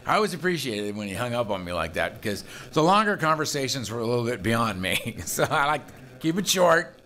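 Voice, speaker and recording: A man giving a personal storytelling talk at a recovery meeting, animated, acting out the conversations he recounts, with a laugh now and then. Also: medium pitch, brisk. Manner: animated, acts out the dialogue he recounts.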